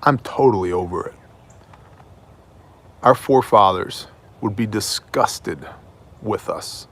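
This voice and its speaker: A man's voice: on the low side, slightly rough. Emphatic man giving opinionated news. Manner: emphatic, mocking, deliberate. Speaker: host of an independent news show.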